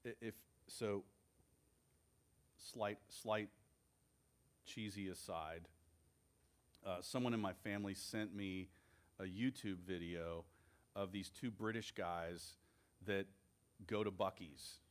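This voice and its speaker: A man preaching a sermon as a pastor, earnest and measured, with deliberate pauses. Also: low-pitched, fairly even intonation.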